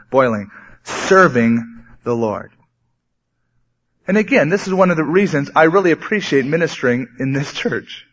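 A man's voice: on the high side, breathy edge. Man preaching in a dull, lo-fi recording. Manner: conversational preaching, sometimes animated. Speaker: pastor. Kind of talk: sermon.

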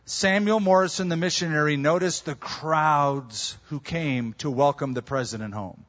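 A man preaching a sermon, telling stories with lively swings in pitch and loudness. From California. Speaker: pastor. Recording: dull lo-fi sermon recording.

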